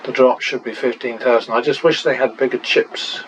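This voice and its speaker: A man's voice: medium pitch, steady tone, moderate pace, a little hiss or hum, rough recording. A man and channel host talking through practice casino betting, muttering running tallies with wry exclamations.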